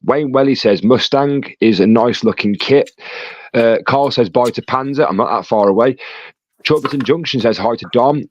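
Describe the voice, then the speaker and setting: A man hosting a live stream, reading chat messages aloud with quick joking asides. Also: mid-range voice, no echo. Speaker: livestream host reading chat. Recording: dull lo-fi dry sound.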